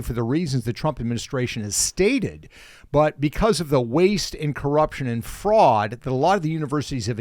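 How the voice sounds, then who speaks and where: A man hosting a political podcast, talking in a brisk, conversational way with joking asides. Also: medium pitch, no echo, studio quality. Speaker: podcast host.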